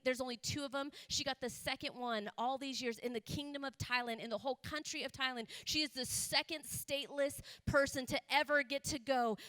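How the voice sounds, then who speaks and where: A woman missionary telling a story in a sermon, animated, often rising to loud, laughing emphasis. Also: high-pitched, dry recording. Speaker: missionary guest speaker. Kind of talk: sermon testimony. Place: church sanctuary.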